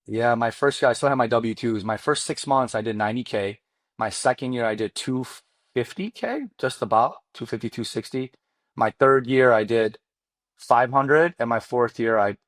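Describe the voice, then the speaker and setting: A man in his forties, a mortgage coach, tells his rise as a podcast guest. His talk is animated and slangy, full of "dude" and "man." His mid-pitched voice sounds close and dry. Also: dry recording. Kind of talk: casual storytelling interview.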